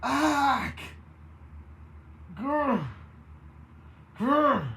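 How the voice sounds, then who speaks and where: A woman voicing a transforming woman who turns into a sea monster, speaking high and shaky and breaking into growls. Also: lively intonation, extremely slow, creaky, fairly bright tone, slight background noise, heavily acted. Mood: growling.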